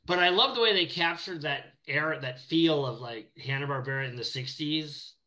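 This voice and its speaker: A man's voice: on the high side, normal speed, sharp tone, low-quality recording. A middle-aged man, an animator, chatting casually in an interview and telling rambling anecdotes with many restarts. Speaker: animator guest.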